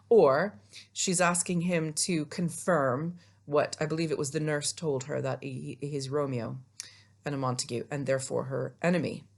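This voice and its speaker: Woman teacher, recorded solo lesson, lowish voice, friendly and explanatory. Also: fairly even intonation, moderate pace, creaky, darkish tone. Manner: chatty, explains step by step, self-mocking. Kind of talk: remote English lesson. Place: alone, recording for students at home.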